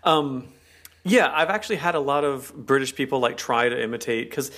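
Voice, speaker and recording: A man's voice: mid-range voice, moderate pace, fairly bright tone. A man from America co-hosting a podcast, joking in casual chat and talking like he's on the radio. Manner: jokey, radio-like delivery. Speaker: podcast co-host.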